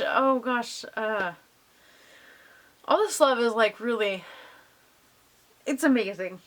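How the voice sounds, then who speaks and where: A woman's voice: on the high side, lively intonation, takes it slowly, long pauses. A young woman casually answering viewer questions in a vlog, bubbly and gushing with lots of ums.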